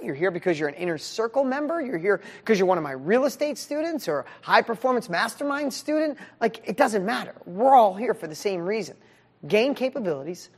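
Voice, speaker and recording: Man in his fifties, business coach, upbeat motivational talk, casual and animated, long echoing reverb. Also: sits high. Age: 50s. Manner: energetic, animated, casual with frequent "like". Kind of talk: motivational live training.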